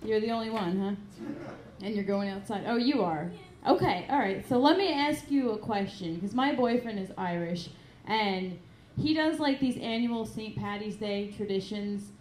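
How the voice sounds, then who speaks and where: A woman's voice: mid-range voice, animated, moderate pace, a little mellow, slight background noise. A woman doing stand-up comedy on a club stage, giggling often and hesitating with many ums. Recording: echoey club room with ambience.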